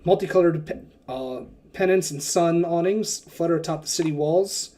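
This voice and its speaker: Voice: mid-range voice, normal speed, dark tone. A game master narrating a tabletop game in a loose, chatty way with self-mocking asides.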